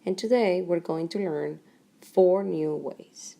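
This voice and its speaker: A middle-aged woman teaching a Spanish grammar lesson in English, speaking deliberately in short phrases with pauses between them. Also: lowish voice, creaky, mellow.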